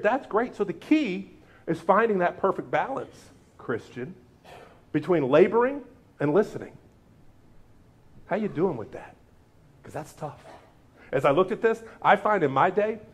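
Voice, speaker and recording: A man's voice: normal speed, pauses often, husky. A man preaching a sermon as pastor, acting out quotes with big jumps in his voice. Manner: animated, acts out quotes with big pitch jumps.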